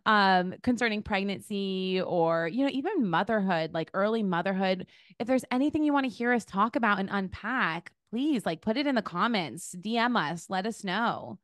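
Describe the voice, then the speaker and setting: A woman's voice: medium pitch, expressive, moderate pace, no room sound. Woman, podcast host, casual chat, enthusiastic, filler-heavy, dry sound. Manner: chatty, enthusiastic, lots of "like".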